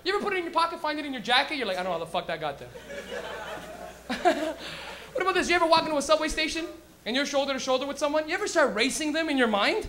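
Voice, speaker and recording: A man hosting a comedy show, doing a loud, crude stand-up bit with acted-out rants. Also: very high-pitched, very fast. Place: comedy club stage.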